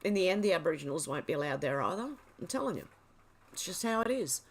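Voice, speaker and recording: A woman's voice: fairly low pitch, sing-song. Chatty woman reading posts aloud. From Australia. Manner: chatty, reads posts aloud then reacts with quick asides. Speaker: livestream host. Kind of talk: casual commentary reading social media posts.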